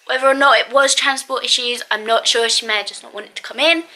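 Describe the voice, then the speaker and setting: A woman's voice: a little high, fairly even intonation, fast talker, sharp tone. A woman telling a story casually to camera, venting in an exasperated way, with many fillers and bursts of laughter. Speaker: vlogger.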